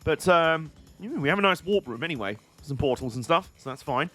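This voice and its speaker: A man's voice: on the high side, animated, a little fast, pushed and bright, faint music behind. A British man streaming a video game, giving casual, joking and rambling commentary. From Britain.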